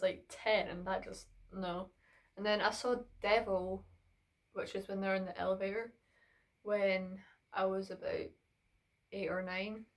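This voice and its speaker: A young woman, chatting through a Q and A vlog filmed on her phone in her bedroom, slightly out of breath. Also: medium pitch. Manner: chatty, rambling, with fillers. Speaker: vlogger. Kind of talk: casual Q and A vlog.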